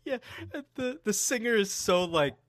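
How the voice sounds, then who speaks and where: A man's voice: high voice, lively intonation, measured pace, a bit bright, no room sound. A man co-hosting a casual sports chat, wry and easygoing. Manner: wry, easygoing, apologetic asides. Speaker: podcast co-host.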